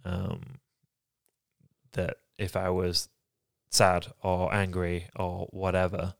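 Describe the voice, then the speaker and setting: Deep-voiced reflective man. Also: completely flat delivery, gravelly, dry recording, studio quality. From England. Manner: reflective, halting, soft-spoken. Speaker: podcast co-host. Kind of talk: candid personal conversation.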